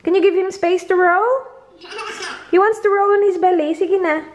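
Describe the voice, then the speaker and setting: High-voiced Filipino mom cooing at her kids. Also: steady tone, moderate pace, dull audio. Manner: sing-song baby talk to the kids. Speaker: vlogger, mother of two small children. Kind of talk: casual family vlog, mixing Tagalog and English. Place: home, then a car.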